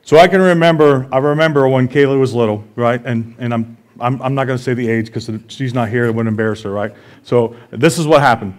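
Joking Midwestern pastor mid-sermon. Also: male voice, medium pitch, fairly quick. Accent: Midwestern American. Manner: conversational, joking, often asks the congregation "right?". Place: church sanctuary.

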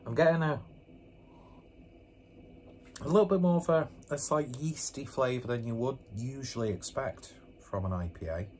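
A man's voice: medium pitch, moderate pace, long pauses, a little mellow, a little hiss or hum. A man doing a casual beer review vlog, rambling along with joking, self-mocking asides, indoors with a fan running.

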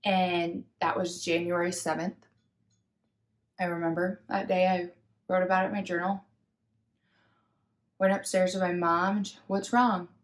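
Her voice is lowish with little pitch movement, and she keeps a measured pace broken by many pauses. In this personal storytelling vlog, the young woman reflects openly on her own experiences, retelling her inner talk and the conversations she had.

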